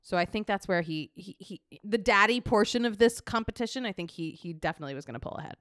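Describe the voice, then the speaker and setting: A woman in her thirties with a New York accent co-hosts a casual podcast and tells animated, laughing stories. Her voice is bright and forward. She is recorded close and dry, with no room around her. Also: medium pitch, quick pace, dry recording. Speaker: podcast co-host. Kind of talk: casual chat.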